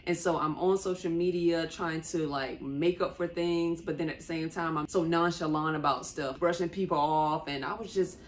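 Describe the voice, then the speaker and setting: A woman's voice: sits low, fairly even intonation, normal speed, hardly any pauses, slight background noise. A young woman telling a personal story in a candid, conversational way, with small laughs between sentences. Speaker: vlogger.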